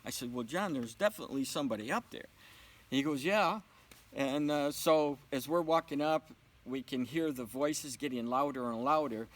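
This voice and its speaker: A man's voice: medium pitch, moderate pace, low-quality recording. A man telling a personal story in a casual interview, acting out the dialogue. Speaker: interview guest.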